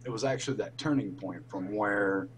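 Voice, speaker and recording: A man's voice: lowish voice, moderate pace, a little hiss or hum, low-quality recording. Earnest man musing on a podcast. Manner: earnest, rambling, with false starts. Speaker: podcast co-host. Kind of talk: casual reflective chat.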